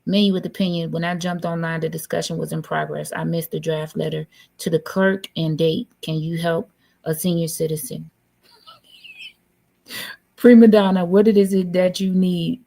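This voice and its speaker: 熱っぽく盛り上げる女性ホスト. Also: female voice, lowish voice, steady tone, normal speed, gravelly, warm tone. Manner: effusive, upbeat, hype. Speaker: livestream host. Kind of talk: casual chat.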